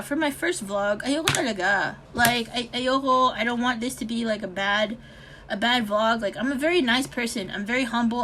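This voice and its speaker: High bright-voiced American woman venting. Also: a little hiss or hum. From United States. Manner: frustrated, heavy swearing, sighs, mixes in Tagalog words. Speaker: vlogger. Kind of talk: ranting vlog.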